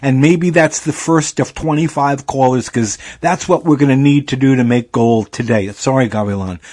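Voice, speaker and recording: A man's voice: medium pitch, moderate pace, darkish tone. A male radio host leading a pledge drive, upbeat and repeating the call-in number.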